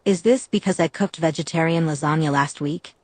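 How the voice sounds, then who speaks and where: Young woman, teasing, mock innocent, woman reading, low voice, dry. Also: brisk, no echo. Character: nervous young woman, playing dumb. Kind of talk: audiobook reading.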